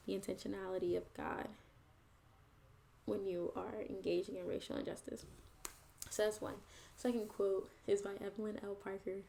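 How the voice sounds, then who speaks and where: A woman's voice: mid-range voice, creaky, warm tone, a little hiss or hum. A woman hosting her own video channel, talking earnestly and reflectively straight to her viewers in a casual, chatty way. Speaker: host and poet. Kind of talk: casual vlog monologue to viewers.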